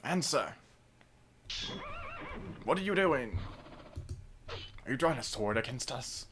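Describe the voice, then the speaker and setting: A man's voice: medium pitch, expressive, slow, noisy background. A man voicing alarmed male castle guards who challenge a stranger in a video game.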